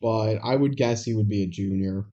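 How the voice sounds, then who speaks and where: A man's voice: fairly low pitch, normal speed, warm tone, lo-fi sound. A man co-hosting a podcast, adding dry, wry remarks while discussing a movie. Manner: dry, wry one-liners. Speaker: podcast co-host. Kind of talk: casual movie recap chat.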